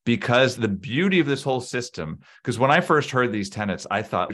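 A man's voice: mid-range voice, very animated, normal speed, a bit bright. A man co-hosting a casual podcast chat, reflective and explaining his ideas with everyday examples.

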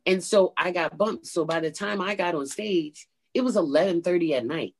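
Animated woman telling a comedy story. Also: moderate pace, breathy edge. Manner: animated, acts out quotes with big pitch jumps. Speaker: stand-up comedian, guest. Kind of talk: storytelling interview.

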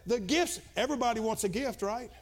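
A middle-aged man preaches a Pentecostal sermon in a notably high voice. He talks to the congregation in a relaxed, confiding way, then builds into loud, shouted, rhythmic preaching. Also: a little fast. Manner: swings from quiet and conversational to loud, shouted preaching. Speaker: pastor.

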